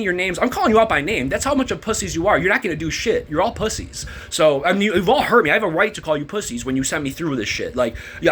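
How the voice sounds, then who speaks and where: Young male vlogger, husky and high-pitched, bitter and profane, rambling rant. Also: a bit bright. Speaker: former warehouse worker. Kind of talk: angry rant to camera.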